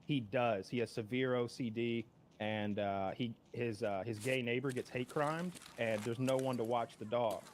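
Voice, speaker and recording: A man chatting casually on a stream, an animated storyteller who keeps slipping into loud put-on voices. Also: mid-range voice, normal speed. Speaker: stream co-host. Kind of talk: casual chat. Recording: loud background noise.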